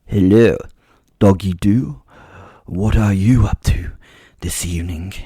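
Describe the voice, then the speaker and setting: A sultry, sibilant female vampire with a hoity-toity drawl, as a gravel-voiced man puts her on. She is arrogant and teasing, and the sound is dry and close. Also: low voice, takes it slowly, dark tone, no room sound, heavily acted.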